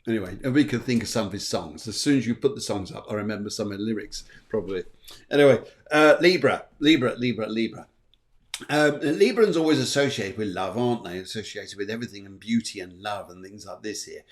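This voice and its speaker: A man's voice: lowish voice, animated, a little fast. A man hosting a live astrology show, chatting playfully and reading out viewer comments. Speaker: host.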